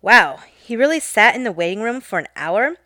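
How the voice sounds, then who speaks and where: A woman's voice: fairly high pitch, sing-song, normal speed, bright, forceful tone, dry recording, clean studio sound. A woman who works at an optical shop tells a workplace story casually, with a sarcastic, joking manner.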